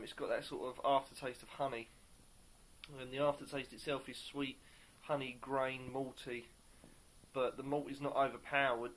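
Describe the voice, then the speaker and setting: A man reviewing a beer on camera in a casual, upbeat way, pausing often to search for words. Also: mid-range voice, fairly bright tone, a little hiss or hum. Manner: upbeat and enthusiastic.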